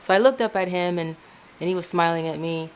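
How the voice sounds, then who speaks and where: A woman from Ecuador telling her own spiritual testimony in a casual, animated way. She speaks straight to her listeners as "guys", often restarting and repeating herself, recorded at home in her room. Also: fairly low pitch, a little fast, a little hiss or hum. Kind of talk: casual spoken personal testimony.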